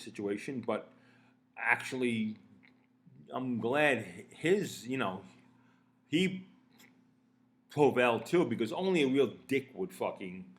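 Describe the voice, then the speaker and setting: A man talking to camera in a rambling, casual monologue, blunt and profane, with frequent restarts and fillers. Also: lowish voice. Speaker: vlogger.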